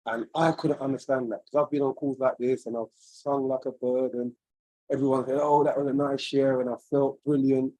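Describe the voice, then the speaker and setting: A man's voice: mid-range voice, flat delivery, moderate pace, dark tone, dry recording, rough recording. A man on a video call, sharing a personal story in an earnest, searching, rambling way. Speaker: webinar participant.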